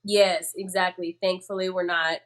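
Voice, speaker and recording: A woman's voice: lowish voice, level tone, moderate pace. A woman co-hosting a podcast, chatting emphatically and laughing often. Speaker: podcast co-host. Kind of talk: casual pop culture chat.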